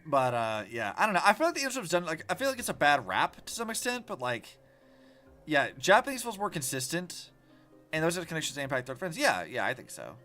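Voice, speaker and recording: A man's voice: fairly high pitch, fast, faint music behind. A man streaming a game as a vtuber, chatting casually and ranting with plenty of swearing. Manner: rambling, profane, animated ranting. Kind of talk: casual gaming stream commentary.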